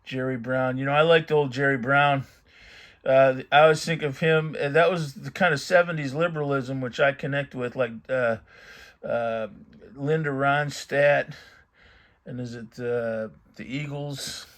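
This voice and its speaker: A man's voice: mid-range voice, fairly even intonation, unhurried, fairly bright tone. A middle-aged man hosting his own channel, chatting casually and reminiscing as he pages through an old magazine, rambling and thinking aloud. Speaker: vintage magazine collector channel host. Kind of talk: casual commentary while reading a magazine aloud.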